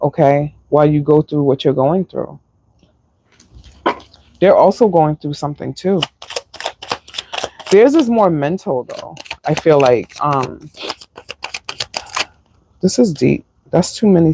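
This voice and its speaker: A woman's voice: low-pitched, expressive, takes it slowly, creaky, pauses often, background noise. A woman doing a live tarot reading, emotional and sighing, with many fillers. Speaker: tarot reader.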